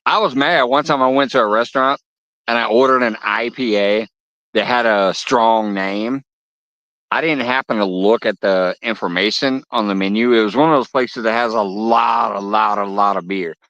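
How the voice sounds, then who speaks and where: A man with a fairly low, slightly bright voice talks at a moderate pace while streaming himself fishing at a lake. He trades casual chatter with viewers, laughing and swearing as he tells stories. The recording is dry but dull and lo-fi.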